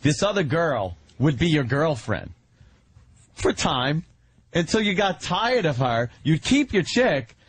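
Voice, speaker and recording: Casting: husky man, slow and swooping, teasing radio host. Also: fairly high pitch, very animated. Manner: teasing, laughing, laying out a scenario. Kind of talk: radio banter.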